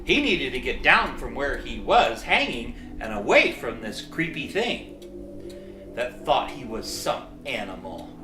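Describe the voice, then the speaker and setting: A narrator reading a children's storybook aloud in an expressive, lively storytelling manner. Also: medium pitch, a little slow, roomy sound, over music.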